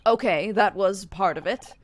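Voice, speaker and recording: A woman's voice: mid-range voice, a little slow, lightly acted. A woman voicing a remorseful, smug adult male ex-husband in a video game, pleading and apologetic.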